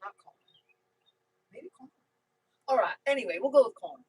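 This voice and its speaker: A woman's voice: fairly high pitch, expressive, brisk, breathy edge, no echo, poor audio. A woman with a mixed New Jersey and Tennessee accent hosting a casual livestream, rambling chattily and reading out viewer comments. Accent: mix of New Jersey and Tennessee. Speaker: YouTube livestream host.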